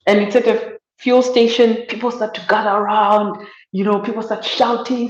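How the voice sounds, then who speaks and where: A woman's voice: mid-range voice, normal speed, echoey room, dull audio. A woman from Zimbabwe, an academic guest telling a story in conversation and acting out the voices of the people in it. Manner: animated, acts out quoted voices.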